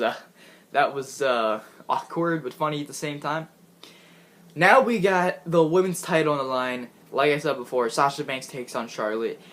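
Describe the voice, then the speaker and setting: A man's voice: mid-range voice, fairly bright tone, slight background noise. A man giving a casual, rambling recap of a wrestling show, often laughing and restarting his sentences. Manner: chatty, giggly, rambling with restarts.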